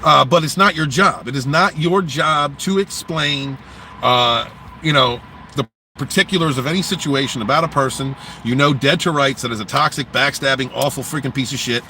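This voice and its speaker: A man hosting a casual livestream, talking bluntly and profanely in an animated rant, outdoors near traffic. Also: medium pitch, normal speed, low-quality recording. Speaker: livestream host.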